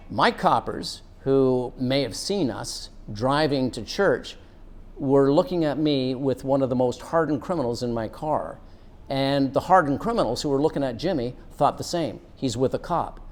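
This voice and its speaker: An ex-cop in middle age tells a personal anecdote with earnest, unhurried care, pulling a moral from it. He has a darkish tone and a mid-range voice.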